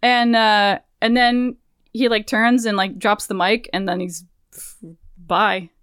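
A woman in her thirties co-hosting a podcast, recapping a game in animated, profane storytelling. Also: mid-range voice, slow, smooth. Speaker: podcast co-host. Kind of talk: casual game recap chat.

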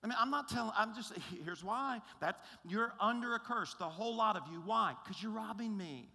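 A man's voice: high voice, normal speed, pushed and bright. A male pastor preaching a sermon in an emphatic, conversational way, often checking in with his listeners. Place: large church auditorium. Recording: long reverb of a large hall.

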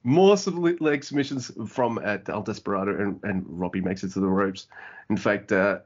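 A man co-hosting a casual wrestling podcast, excitable and sweary, acting out wrestlers' lines as he recaps. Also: fairly low pitch, normal speed. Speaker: podcast co-host. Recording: dull lo-fi audio.

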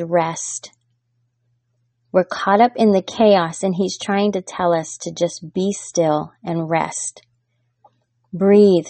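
A woman, a mother, giving a gentle, heartfelt devotional talk as host, growing fervent at times. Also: medium pitch, dry recording. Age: adult with daughters.

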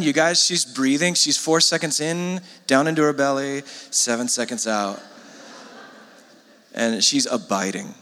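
A man's voice: medium pitch, unhurried, pushed and bright. A man preaching a sermon to a congregation, talking to them in a casual way with frequent asides. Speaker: pastor. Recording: long hall reverb.

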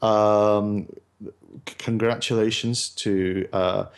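A man's voice: lowish voice, fairly even intonation, slow pace, clear, resonant tone. A man co-hosting a live podcast, playful and rambling with lots of fillers and the odd swear. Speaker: podcast co-host. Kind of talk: casual chat.

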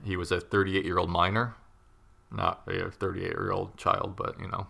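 A man's voice: low voice, flat delivery, moderate pace, creaky, pushed and bright, breathy edge. A man casually recounting a true crime story to a co-host, rambling with many fillers and wry asides.

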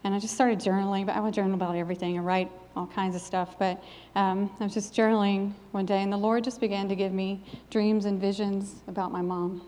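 A woman's voice: medium pitch, little pitch movement, a little fast, hardly any pauses, dark tone. A middle-aged woman preaching a sermon with a personal testimony, in an earnest, emphatic preaching cadence. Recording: long hall reverb.

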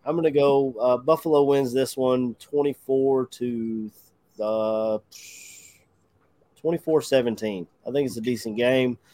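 A man with a mid-pitched voice co-hosts a casual sports podcast. He talks in a relaxed, hesitant way and chuckles often. The sound is dry and close. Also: unhurried, no echo. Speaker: podcast co-host.

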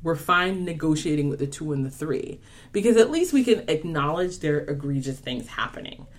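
Lively low-voiced woman podcast guest. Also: fairly quick. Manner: hesitant, restarts, animated. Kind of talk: casual podcast chat.

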